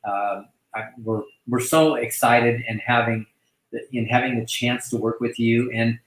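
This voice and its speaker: A man hosting a casual online chat who talks effusively, halting often to restart his sentences. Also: medium pitch, steady tone, reverberant, low-quality recording. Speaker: host welcoming a new agent.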